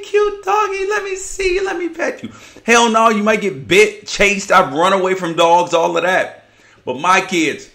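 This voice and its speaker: A man in his thirties hosts a podcast in a loose, talkative monologue. His voice is fairly high and very bright, with a forceful edge. He sounds exasperated and animated, and now and then slips into mocking voices. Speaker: podcast host. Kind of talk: casual opinion monologue.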